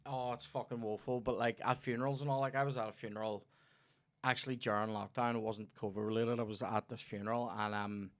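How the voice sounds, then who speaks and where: Northern Irish man, comedy podcast storyteller, salty and animated, mid-range voice. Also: mid-range voice, fairly quick. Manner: sweary, animated anecdote-telling. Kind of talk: casual banter and storytelling.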